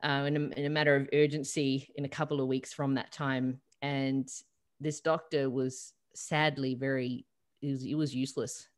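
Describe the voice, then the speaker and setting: An Australian woman, a holistic coach, telling a personal story over a video call, lively and full of fillers. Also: very deep voice, moderate pace. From South Australia. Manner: animated retelling with acted-out quotes and many fillers. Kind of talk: storytelling in an interview.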